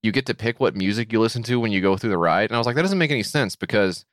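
A man's voice: on the low side, expressive, very fast, a bit bright, no echo, studio quality. A man co-hosting a casual podcast, joking sarcastically and swearing freely as he reads out listener emails. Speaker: podcast co-host.

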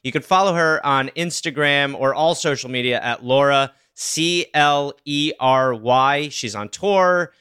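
A man's voice: mid-range voice, unhurried, hardly any pauses, sharp tone, clear, resonant tone, dry recording. A man co-hosting a call-in podcast, teasing and playful as he welcomes callers and guests on a studio microphone. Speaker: podcast co-host. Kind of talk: joking call-in podcast chat.

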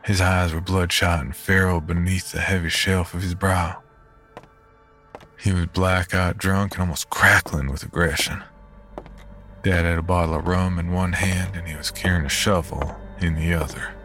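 Deep-voiced man narrating horror. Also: fairly even intonation, fairly bright tone. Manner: measured, grim storytelling. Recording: narration over background music.

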